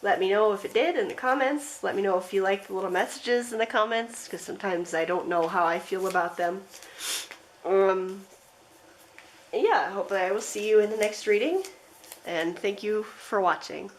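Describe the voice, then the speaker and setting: Woman tarot reader, soft rambling delivery, everyday mid pitch, casual and unscripted. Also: moderate pace, a little hiss or hum, low-quality recording. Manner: rambling, gentle, with frequent fillers and soft laughs. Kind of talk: pick-a-card tarot reading.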